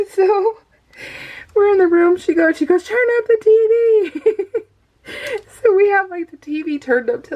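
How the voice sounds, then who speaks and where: Chatty woman with a slightly high voice, coughing. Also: poor audio. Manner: chatty, laughs often while telling the story. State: coughing, recovering from tonsil removal. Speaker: scrapbooking vlogger. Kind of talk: casual storytelling voice-over.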